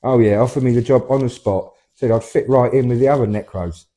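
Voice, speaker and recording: A man in his fifties with a Portsmouth English accent, trading deadpan comic chat and stumbling self-deprecatingly over his words. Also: mid-range voice, brisk, echoey room. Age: 50s. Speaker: comedy double-act partner.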